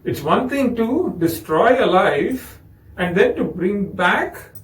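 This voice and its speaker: A man's voice: high-pitched, takes it slowly, reverberant, recorded from a distance, low-quality recording. A man with an Indian English accent telling a spiritual story in a discourse, acting out the voices of its characters. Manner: animated storytelling with acted quotes. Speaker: spiritual speaker.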